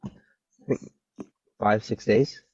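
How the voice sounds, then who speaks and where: A man's voice: takes it slowly, darkish tone, dry recording, lo-fi sound. A man hosting a casual podcast, talking in a laid-back, loose way while getting over covid. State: recovering from covid. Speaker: podcast host.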